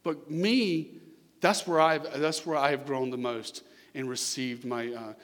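A man preaching a verse-by-verse sermon, conversational, with repeated words and swings from loud emphasis to quiet. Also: on the high side. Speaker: pastor. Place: church sanctuary. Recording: long hall reverb.

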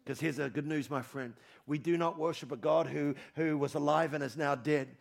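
High-pitched gravelly preaching man. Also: fairly even intonation, normal speed. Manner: emphatic preaching, repeats phrases, rises to shouts and drops low. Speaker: pastor. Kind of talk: sermon. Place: church hall with congregation.

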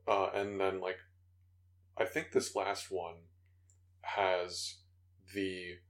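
A man's voice: low voice, little pitch movement, drawn-out words. A young man co-hosting a gaming podcast, talking in a laid-back way with casual swearing. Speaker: podcast co-host. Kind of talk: casual chat.

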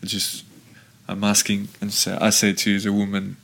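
He talks briskly in a lowish register, a former footballer sitting in as a podcast guest. Expect drawn-out, rambling tales, heavy on fillers and delivered with animation.

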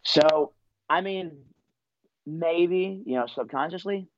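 A young man in his twenties, a wrestler appearing as an interview guest, tells his story in a relaxed, wandering way packed with fillers. His voice sits a little high and moves at a slow pace, and the recording is dry and muffled.

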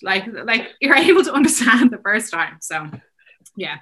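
A woman from Ireland with an Irish accent, chatting quickly as a guest, full of filler words. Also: medium pitch, sing-song, bright, forceful tone. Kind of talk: casual conversation.

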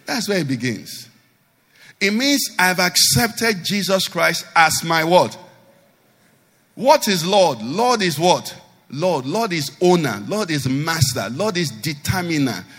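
A man's voice: a little high, big pitch swings, slow pace, fairly bright tone, long reverb tail. A man pastor, preaching a sermon animatedly and asking the congregation rhetorical questions.

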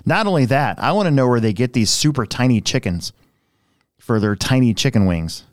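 Man, podcast co-host, rambling casual storyteller, clear resonant voice, dry studio sound. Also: mid-range voice, normal speed, no echo. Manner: rambling, restarts often, animated when telling a story.

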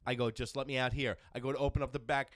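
A man's voice: medium pitch, little pitch movement, rapid-fire, a bit bright, no echo. A man telling crude stories in casual chat, swearing often and acting out other people's voices. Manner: storytelling, acts out voices, swears a lot.

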